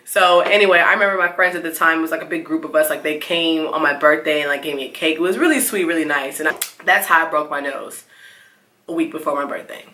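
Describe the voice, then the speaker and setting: A young woman telling a storytime vlog, animated and laughing, acting out the quotes in squeals. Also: low-pitched, fast, roomy sound. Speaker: vlogger. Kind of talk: casual storytime.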